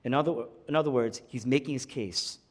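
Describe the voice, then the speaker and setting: Preaching man in a reverberant hall. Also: fairly quick. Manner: swings from hushed low lines to loud high climaxes. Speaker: pastor. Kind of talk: sermon.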